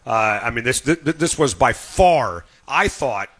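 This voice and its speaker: Blunt sports-radio host, man, forceful and bright. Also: mid-range voice, lively intonation, unhurried. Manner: blunt, emphatic.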